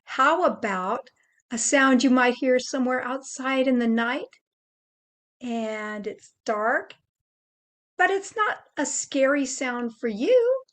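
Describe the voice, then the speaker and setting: An older woman gently teaching children how to make animal sounds, explaining each step patiently. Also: high voice, lively intonation, takes it slowly. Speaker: children's presenter.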